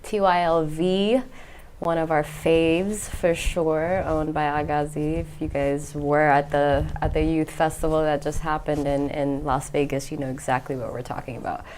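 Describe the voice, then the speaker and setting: A woman's voice: sits low, level tone, moderate pace, darkish tone, slight background noise. A woman co-hosting a livestream charity auction, chatty and upbeat with frequent "um"s. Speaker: fundraiser co-host.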